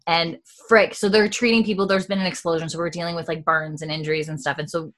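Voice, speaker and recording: Chatty woman, lowish voice, retelling scenes. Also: fast. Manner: animated storyteller, quoting characters in a lowered voice, laughs often. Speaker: podcast host recapping a TV episode. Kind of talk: casual chat, retelling scenes.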